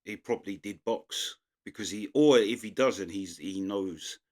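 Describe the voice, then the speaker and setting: A man's voice: on the low side, a little slow. An English man hosting a reaction video, chatting loosely and laughing as he comments.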